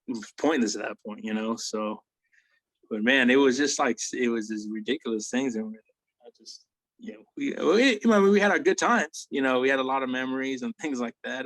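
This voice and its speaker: A man's voice: mid-range voice, dry recording. A man, an Army veteran, telling war stories in a casual interview, swearing freely and acting out what people said. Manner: profane, animated storytelling with acted quotes.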